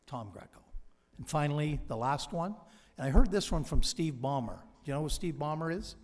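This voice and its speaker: A man gives a convocation speech, telling stories with energy and acting out what people said. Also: fairly high pitch. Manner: energetic storyteller who acts out quoted dialogue. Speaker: honorary doctorate recipient giving a convocation address. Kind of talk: anecdotal motivational speech. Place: large convocation hall. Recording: long hall reverb from a PA.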